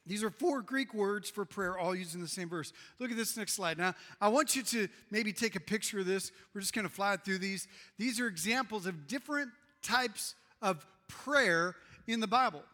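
A middle-aged male pastor preaching a sermon in a church, swinging from loud emphasis to hushed tones. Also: high-pitched, moderate pace. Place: church sanctuary. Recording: reverberant hall.

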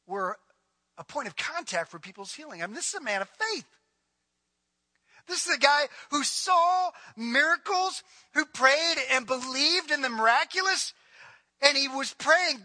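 A male pastor preaching a sermon in an animated, conversational way with casual asides. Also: very high voice, unhurried, no room sound.

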